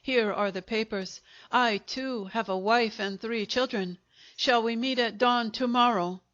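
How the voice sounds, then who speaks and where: A woman's voice: fairly high pitch, measured pace, fairly bright tone, dull audio. A woman voicing a small, furious male French apothecary who rants indignantly. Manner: ranting, indignant.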